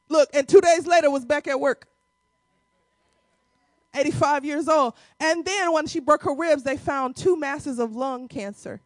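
A woman preaching a sermon to a congregation, emphatic and animated, in a casual vernacular style with calls to the crowd. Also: high voice, measured pace, no echo. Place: church before a congregation.

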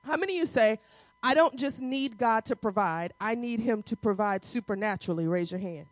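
Middle-aged woman pastor, high voice, dry close mic, rousing call-and-response preaching. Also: lively intonation, fairly quick, no room sound. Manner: rousing call-and-response preaching, drops to soft intimate tones. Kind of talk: sermon. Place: church sanctuary.

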